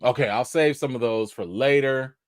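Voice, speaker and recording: A man hosting a casual live-stream chat, speaking, breaking into excited exclamations and reading viewer comments aloud. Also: medium pitch, moderate pace, no echo, studio quality. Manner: animated, preacher-like exclamations. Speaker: host of a live chat show.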